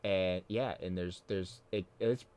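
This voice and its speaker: A man co-hosting a tabletop game podcast in casual chat, talking haltingly with lots of restarts. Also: low-pitched, steady tone, darkish tone, clean tone. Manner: halting, full of fillers and restarts, laughs along. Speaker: podcast co-host.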